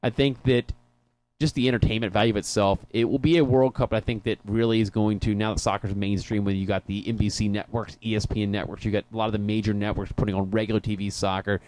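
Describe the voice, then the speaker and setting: A man's voice: fairly low pitch, little pitch movement, fast, darkish tone. A man co-hosting a soccer talk show, chatting casually with frequent laughs and rambling restarts. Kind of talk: casual sports chat. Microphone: headphones in a studio.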